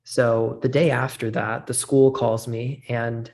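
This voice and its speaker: Male podcast guest, mid-pitch and gravelly with fry, candid casual storytelling. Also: level tone, takes it slowly, a little mellow. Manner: earnest, candid, with frequent "like" fillers. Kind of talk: personal storytelling in a casual interview.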